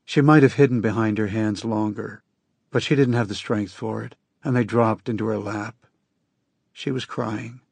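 Gravelly husky guy reading a story slow, dry booth sound. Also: fairly low pitch, steady tone, darkish tone, no echo. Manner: slow, measured, somber reading. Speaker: audiobook narrator. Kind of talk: first-person literary narration.

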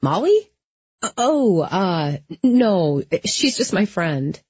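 A woman voicing a sharp-tongued, sarcastic young woman in an audiobook. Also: medium pitch, big pitch swings, slow pace, breathy edge, no room sound, heavily acted. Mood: snappy. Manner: sarcastic, snappy. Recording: slightly dull lo-fi.

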